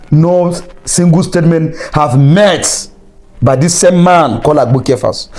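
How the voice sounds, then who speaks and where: A man's voice: on the high side, a little mellow. Angry Nigerian man, preachy commentary. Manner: angry, preachy, repeats phrases for emphasis. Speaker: online commentator. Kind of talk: impassioned political commentary.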